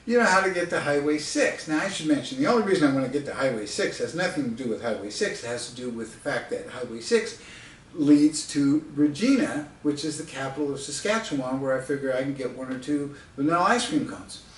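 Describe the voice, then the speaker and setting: A man's voice: mid-range voice, lively intonation, a little fast, a little hiss or hum. A man from the United States telling a funny travel story in a casual, chatty way, laughing often and adding asides. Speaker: storyteller and author. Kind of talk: casual spoken anecdote. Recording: roomy sound from a distance.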